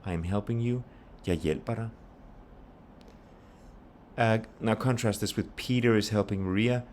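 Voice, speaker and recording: A man teaching a pronunciation lesson, patiently explaining and repeating example phrases slowly. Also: lowish voice, steady tone, darkish tone, slight background noise. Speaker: language teacher.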